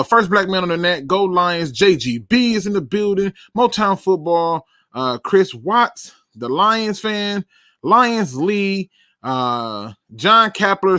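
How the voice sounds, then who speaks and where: A man hosting a casual sports talk livestream, animated and self-deprecating, with a loose slangy delivery. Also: high-pitched, no echo, clean studio sound. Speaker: podcast host.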